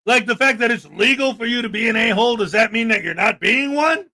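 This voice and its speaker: A man's voice: very high voice, brisk, sharp tone. A man hosting a livestream, delivering sarcastic, indignant commentary and firing back at chat comments. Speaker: livestream host.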